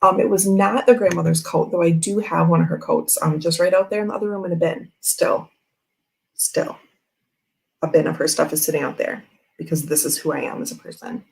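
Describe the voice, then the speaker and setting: A woman's voice: lowish voice, a little fast, gravelly, poor audio. A young woman hosting a tarot livestream, telling a long personal story in a rambling, chatty way full of fillers. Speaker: tarot channel host.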